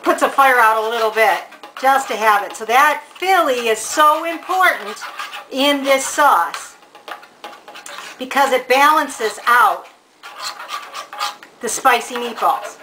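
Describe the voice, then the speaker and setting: A woman's voice: a little high, takes it slowly, long pauses, bright, forceful tone, a little hiss or hum, low-quality recording. A woman giving a casual cooking demonstration in a home kitchen, chatty and homey, talking straight to the viewer. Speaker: home cook presenting a recipe.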